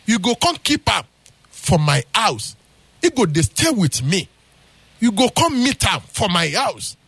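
A man's voice: sits high, sing-song, measured pace, vocal fry, fairly bright tone, breathy edge, no echo, exaggerated voice. A man voicing a grave old native doctor giving advice, speaking with a Nigerian Pidgin accent.

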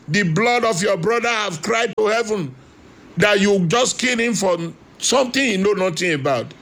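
A man preaches a fiery sermon in a high, gravelly voice. He repeats his lines for weight and breaks into shouts now and then. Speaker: prophet.

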